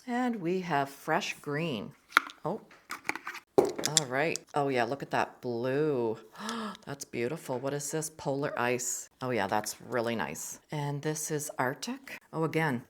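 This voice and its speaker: Low-voiced woman chatting while swatching art supplies. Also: a bit bright. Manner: chatty, enthusiastic, murmurs to herself while swatching. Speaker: art channel host. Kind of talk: casual art supply testing vlog.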